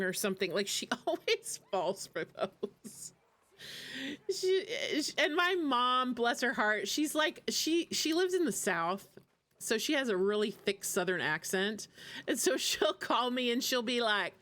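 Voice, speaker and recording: A woman's voice: a little high, animated, takes it slowly, a bit bright, faint music behind. A woman streaming a game and chatting casually in a rambling way, laughing often between asides. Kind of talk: casual chat while gaming.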